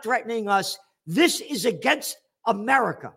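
A man's voice: a little high, lively intonation, normal speed. An older man hosting a commentary show, ranting angrily and sarcastically with lots of swearing. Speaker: show host. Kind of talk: angry political commentary.

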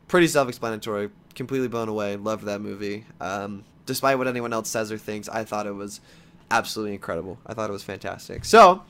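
A young man giving a casual, animated movie review, swearing often and breaking into frustrated outbursts. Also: mid-range voice, clean tone. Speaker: vlogger.

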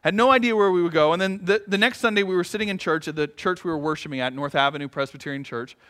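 Male pastor, middle-aged, high bright voice, animated storytelling with jokey asides. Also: fast. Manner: storytelling with humorous asides and acted-out quotes. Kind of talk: sermon.

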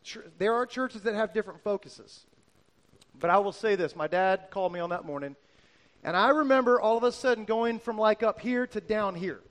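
A middle-aged male pastor preaches with a high, light voice. He tells personal stories earnestly, driving points home by repeating phrases. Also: brisk, a bit bright. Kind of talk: sermon.

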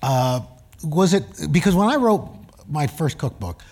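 A man interviewing a guest on stage before a live audience, trading teasing, wry jokes in a relaxed conversation. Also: fairly high pitch, a little slow. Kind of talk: casual onstage conversation.

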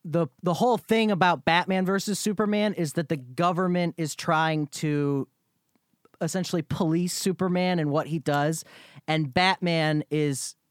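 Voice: medium pitch, fairly even intonation, moderate pace, smooth, no echo, studio quality. A podcast co-host in casual chat about movies, often stammering on starts and agreeing eagerly.

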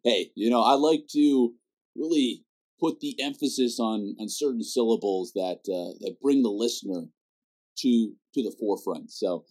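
A man's voice: mid-range voice, moderate pace, darkish tone. A Canadian man hosting a podcast, chatting casually in a rambling way with lots of fillers and restarts. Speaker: podcast host. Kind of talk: casual interview chat.

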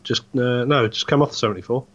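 A man chats easily on a podcast, wandering from one story to the next. His voice sits at an ordinary mid pitch. He speaks in a relaxed, conversational way. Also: fast talker, highs cut off. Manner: rambling, easygoing storytelling. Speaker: podcast co-host, truck driver. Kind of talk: casual chat.

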